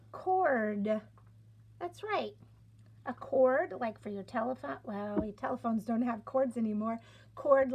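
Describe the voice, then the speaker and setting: Slow, gravelly-voiced woman teaching phonics. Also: on the high side, darkish tone, slight background noise. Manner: sounds out letters and stretches words clearly, encouraging. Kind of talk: slow, deliberate classroom instruction.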